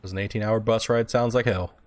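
A man's voice: lowish voice, fairly even intonation, brisk, a little mellow. A young man streaming a game, chatting loosely with viewers, swearing freely and answering chat as he plays. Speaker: gaming streamer. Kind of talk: casual live-stream chat.

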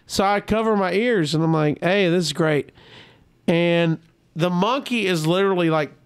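A man's voice: sits high, moderate pace, clean tone. A man telling a story as a guest on a comedy podcast, acting out the voices of the people in it. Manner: animated, acts out quoted voices.

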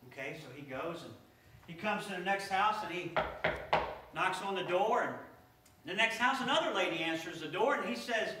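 A male pastor telling a story in a sermon, animated and repeating his words as he goes. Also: fairly high pitch, brisk, a little hiss or hum. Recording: echoey church from far off.

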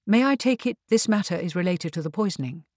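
A woman voicing a composed, grim gentleman who speaks in measured tones, in a storybook reading. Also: on the low side, animated, no echo. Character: composed gentleman officer, calm and dry.

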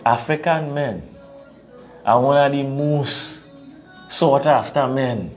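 A man's voice: medium pitch, slow, soft background music. A man with a Trinidadian accent, co-hosting an opinionated talk show and lecturing his listeners. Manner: animated, preachy, laughs at his own points.

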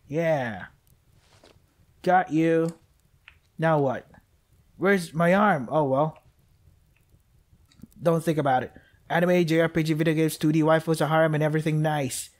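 A young man commentating his gameplay, joking, excitable, and talking to the characters on screen. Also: a little high, moderate pace, long pauses. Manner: joking, excitable, talks to the game characters, laughs often. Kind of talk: let's play commentary.

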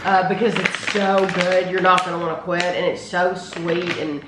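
A woman's voice: fairly low pitch, flat delivery, normal speed. A woman hosting a casual taste-test video, talking effusively and full of praise about snacks. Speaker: food reviewer, channel host. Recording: roomy with faint noise.

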